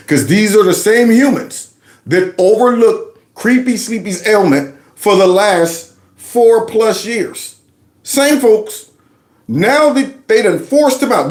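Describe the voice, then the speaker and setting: A man hosting a reaction commentary show, mocking news clips with loud laughter and playful storytelling. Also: sits high, roomy sound.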